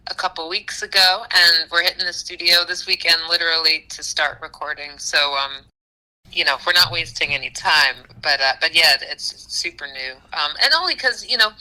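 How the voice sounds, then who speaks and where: Bright-voiced low woman musician chatting. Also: normal speed, rough recording. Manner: animated, laughs often, many fillers. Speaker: musician guest. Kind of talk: casual interview chat.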